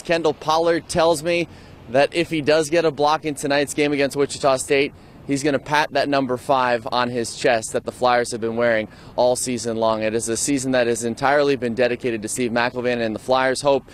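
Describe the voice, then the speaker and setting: A man reporting sports news for television with an upbeat, crisp delivery. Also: medium pitch, slight background noise.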